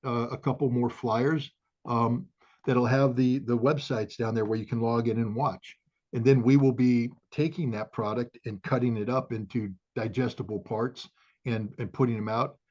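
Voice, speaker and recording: Male guest, halting and filler-heavy, prone to fiery bursts; husky, muffled recording. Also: medium pitch, fairly even intonation, a little mellow. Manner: halting, many fillers, swells into fiery outbursts. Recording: dull lo-fi audio.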